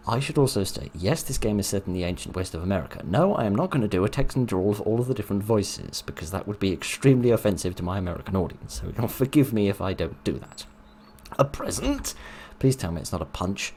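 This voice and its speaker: Young-adult let's player, self-mocking and dry; low voice at a desk mic. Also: male voice, animated, fast talker, warm tone, slight background noise. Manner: wry, self-mocking, chuckling. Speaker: let's play host. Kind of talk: gaming commentary.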